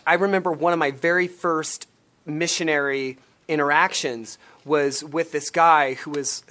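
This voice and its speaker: A man talking as a guest in a casual interview, telling animated stories with bursts of laughter. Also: a little high. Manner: animated storyteller, acts out quotes with laughter. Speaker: guest, former missionary and stage performer.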